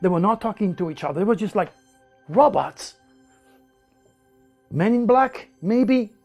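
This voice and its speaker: A man with a French accent telling his life story in broken English, animated and repeating words as he goes. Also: sits high, a little slow, faint music behind. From France. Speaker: interviewee. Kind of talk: personal storytelling.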